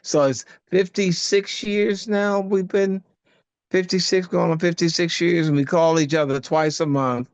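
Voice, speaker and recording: Older man, smooth resonant voice, dry close sound, lively storytelling guest, halting restarts. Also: no room sound, lo-fi sound. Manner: animated storyteller, voice jumping high for quoted asides; halting, many restarts and fillers. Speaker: actor and guest. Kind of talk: casual interview chat.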